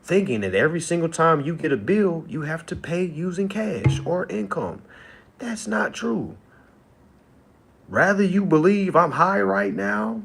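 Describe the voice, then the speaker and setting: A man hosting a casual livestream monologue who talks in an animated way, laughs often and repeats himself. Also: a little high, a little slow, vocal fry, slightly rough. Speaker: livestream host.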